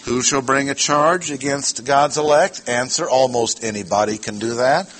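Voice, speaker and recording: A man teaching a sermon verse by verse, slow and deliberate, repeating his key words. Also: medium pitch, fairly bright tone. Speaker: preacher. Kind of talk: expository Bible teaching.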